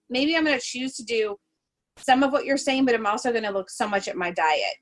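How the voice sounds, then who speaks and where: Woman podcast host, higher voice, casual and animated storyteller, fillers. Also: normal speed, rough recording. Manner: animated storyteller, laughs often, many fillers. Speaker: podcast host, holistic travel nurse. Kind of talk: casual chat.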